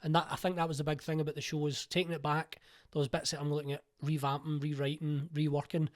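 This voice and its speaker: Glaswegian male, 40s, rapid and keen, rambling interview guest. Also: a little high, flat delivery. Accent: Glaswegian Scottish. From Scotland. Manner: fast, eager, rambling with restarts. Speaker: playwright and producer, interview guest. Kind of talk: casual interview chat.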